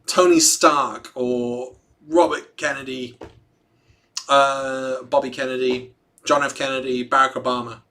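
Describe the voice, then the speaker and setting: Bright-voiced joking livestream host, a man. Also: mid-range voice, steady tone, a little slow. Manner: chatty and joking with viewers, laughs often. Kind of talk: casual livestream, reading a statement aloud and commenting.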